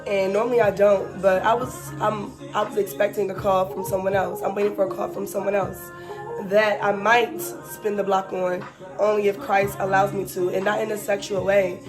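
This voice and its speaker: A young woman vlogger in casual chat, telling a personal story with animated, emphatic asides and exasperated repetition. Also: medium pitch, moderate pace, over music.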